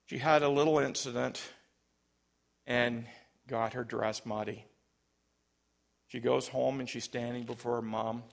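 Gravelly preacher delivering an emphatic sermon. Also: male voice, medium pitch. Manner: emphatic, storytelling, big swings in loudness. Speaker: pastor.

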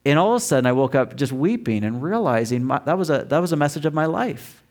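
A middle-aged man preaching a sermon, telling a personal story with acted-out quotes and emphatic shifts in pitch and volume. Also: lively intonation, fast talker. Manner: storytelling, acts out quotes loudly. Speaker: pastor.

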